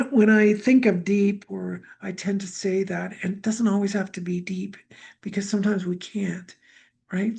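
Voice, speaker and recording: A middle-aged woman leading a live healing session, talking gently and musingly about feelings and breath, with many fillers. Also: medium pitch, gravelly. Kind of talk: guided healing talk.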